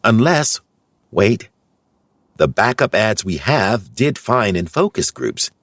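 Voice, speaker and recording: An earnest, anxious young husband, played by a male storyteller in a plain, close-to-natural voice. He speaks slowly, with a husky tone, lively swings in pitch and a dry, close sound. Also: no echo, heavily acted. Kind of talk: storybook voice acting.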